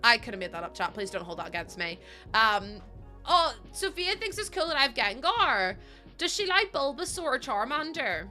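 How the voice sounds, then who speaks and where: A young woman live-streaming a game, chatting casually with her viewers, giggling often and breaking into excited thanks. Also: on the high side, normal speed. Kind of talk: casual live-stream chat while gaming. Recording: faint game music behind.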